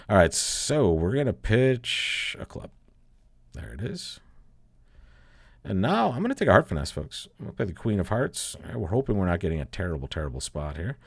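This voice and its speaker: A man walks through a bridge game as he plays it, chatty and thinking out loud, laughing now and then and calling his listeners folks. His voice sits low. The sound is dry and close, with no room around it. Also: dry recording. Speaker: bridge teacher. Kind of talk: casual play-along bridge lesson commentary.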